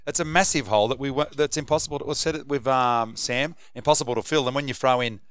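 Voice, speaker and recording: A middle-aged Australian man, a former rugby league player, co-hosting a casual sports chat and telling quick anecdotes. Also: mid-range voice, fairly bright tone, clean tone, no echo, studio quality. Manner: yarn-spinning, quick anecdotes.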